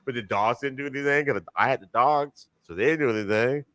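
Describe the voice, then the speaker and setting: A man co-hosting a podcast in casual chat, rambling and animated, with many restarts and slang. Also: medium pitch, quick pace, dry recording. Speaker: podcast co-host.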